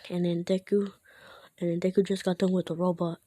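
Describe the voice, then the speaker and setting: A woman's voice: lowish voice, little pitch movement, a little fast, mellow, no echo. A woman casually retelling a made-up story in a rambling, chatty way, with lots of "he's like".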